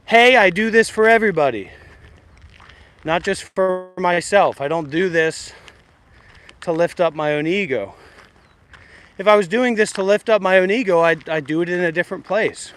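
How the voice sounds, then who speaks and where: A man with a high, sharply bright voice streams live about meditation and talks back at viewers. His delivery is blunt and confrontational, and it wanders as he argues. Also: moderate pace, long pauses, a little hiss or hum. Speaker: meditation livestreamer. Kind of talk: casual livestream rant.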